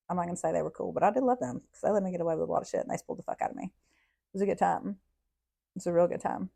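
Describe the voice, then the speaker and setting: A woman, a podcast host telling childhood stories in a blunt, profane, animated way. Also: fairly low pitch, vocal fry. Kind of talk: casual storytelling.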